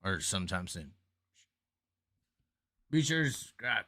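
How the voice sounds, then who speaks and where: A man's voice: sits low, big pitch swings, a little slow, sharp tone, dry recording, studio quality. A man hosting a casual livestream, rambling and profane, worn out after hours on air. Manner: rambling, profane, jokey sign-off. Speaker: livestream host. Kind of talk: casual late-night livestream chat.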